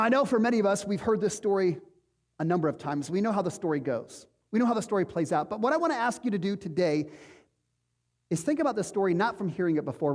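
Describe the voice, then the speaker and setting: A man's voice: sits high, in a large hall. A man preaching a sermon as pastor, conversational and emphatic, asking rhetorical questions of his congregation. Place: church sanctuary.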